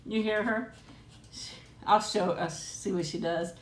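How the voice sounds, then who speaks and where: A middle-aged woman chats casually through a live stream on her tablet at home. She laughs often and coos affectionately at her pet. Her voice sits at an ordinary middle pitch, and the room around her is noticeably echoey. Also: fairly even intonation, slow pace, slight background noise.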